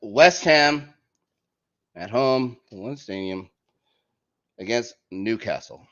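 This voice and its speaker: A man's voice: medium pitch, slow pace. A man hosting a casual football podcast, joking and reading out the week's fixtures. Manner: lively, jokey, reads out fixtures. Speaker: podcast host. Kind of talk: casual sports chat. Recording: muffled lo-fi audio.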